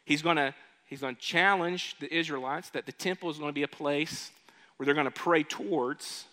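High bright-voiced preacher man quizzing the congregation, long echo of a big hall. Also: moderate pace. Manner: asks the congregation questions, varies loudness. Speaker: pastor. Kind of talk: sermon. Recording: long reverb of a large hall.

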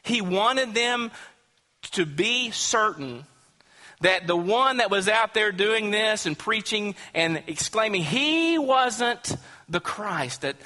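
A pastor preaches earnestly and emphatically, acting out quotations and asking his listeners rhetorical questions. His voice is high, bright and forceful, and a long reverb follows it as though in a large hall.

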